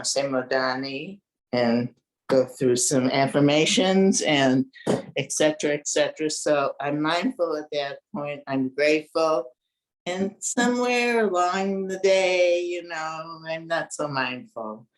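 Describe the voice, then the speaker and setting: A woman's voice: low-pitched, measured pace, poor audio. Woman class member, plainspoken and reflective. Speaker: class participant. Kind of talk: sharing in a group discussion.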